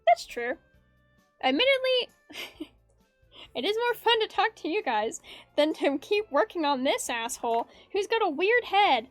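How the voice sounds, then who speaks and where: A woman with a high voice chats casually while she draws, rambling and giggling and reading chat messages aloud. Her voice is close and dry, with soft music playing behind it. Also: big pitch swings, a little slow, pauses often, no echo. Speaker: art streamer. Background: faint background music.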